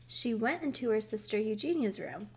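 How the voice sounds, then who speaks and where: A woman reading a children's book aloud, slow, careful and expressive. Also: a little high, slightly rough. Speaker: storybook reader.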